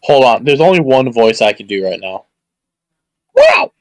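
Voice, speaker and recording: A man's voice: mid-range voice, animated, fairly quick, a little mellow, no echo. A man chatting casually on a game stream with a dry, teasing manner.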